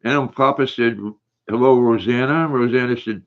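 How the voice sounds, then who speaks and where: A man's voice: mid-range voice, fairly even intonation, moderate pace. An older man hosting a casual livestream, reading viewers' comments aloud in a folksy way while eating. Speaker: livestream host. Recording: dull lo-fi stream audio.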